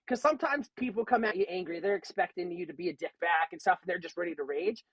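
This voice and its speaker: A man's voice: sits high, fast talker, no room sound, rough recording. A man on a podcast, telling a work story in a casual, rambling way and swearing a lot. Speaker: podcast co-host.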